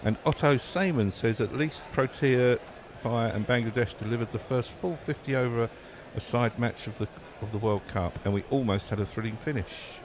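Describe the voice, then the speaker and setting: A man's voice: mid-range voice, moderate pace, hardly any pauses, background noise. Jokey Essex-accented male co-commentator. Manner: jokey, conversational. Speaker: co-commentator reading listener messages. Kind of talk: casual radio commentary chat.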